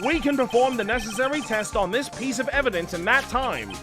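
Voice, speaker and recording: A man's voice: extremely high pitch, a little fast, over music. A man doing a cool, polite prosecutor. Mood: composed.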